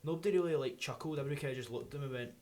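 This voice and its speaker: Scottish guy on student radio, rattles off stories quick, laughing a lot. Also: on the high side. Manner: animated anecdote-telling, laughs often. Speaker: radio co-host. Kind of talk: casual chat.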